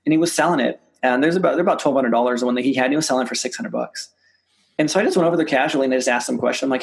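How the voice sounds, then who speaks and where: A man speaks quickly in a gravelly voice as a guest on an interview show. He tells stories about real estate deals, repeats and restarts his words, and jumps up in pitch whenever he acts out what someone said. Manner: animated, acts out quoted dialogue with rising pitch. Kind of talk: casual storytelling in an interview.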